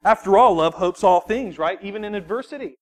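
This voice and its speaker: High-voiced man preaching a lively sermon. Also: a little fast. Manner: animated, self-deprecating storytelling with frequent restarts. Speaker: youth pastor.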